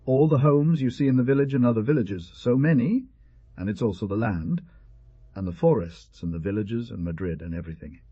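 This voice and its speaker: A man's voice: medium pitch, brisk, slightly rough, no room sound, natural voice. A man voicing a father who patiently explains to his son in an emphatic, grave manner. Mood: earnest explaining. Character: earnest grave father, a teacher. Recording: dull, dry lo-fi recording.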